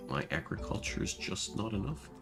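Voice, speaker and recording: A man's voice: low voice, big pitch swings, normal speed, music in the background. A man with a German accent, chatting casually while streaming a game and talking about it. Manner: chatty, laughs at himself. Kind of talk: casual gameplay commentary.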